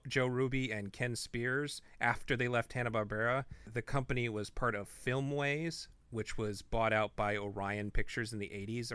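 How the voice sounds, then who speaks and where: A man with a fairly low, slightly bright voice co-hosts a podcast, chatting casually and rambling off into asides. He is not from the Midwest, and the recording is dry.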